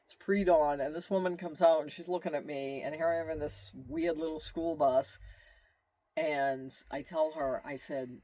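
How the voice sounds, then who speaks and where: A fairly high-voiced man tells a long road story in a loose, rambling way, full of asides and quoted exclamations. He sounds worn out. The recording is dry and close, with no room sound. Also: moderate pace, a little mellow, no echo. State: tired. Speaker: vlogger telling his travel story. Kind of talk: casual storytelling monologue.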